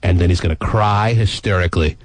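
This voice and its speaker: A man hosting a morning radio talk show, teasing his guests and reading out listener texts in a wisecracking, animated way. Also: low voice, brisk, dry recording.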